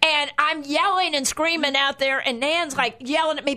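Lively woman pastor hosting radio. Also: high voice, moderate pace, few pauses. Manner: lively storyteller, acts out voices. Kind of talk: call-in christian radio talk.

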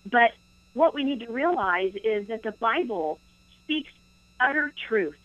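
A woman co-host speaking earnestly and quickly about faith in a Christian talk discussion. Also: fairly high pitch, animated, fairly bright tone, dull audio.

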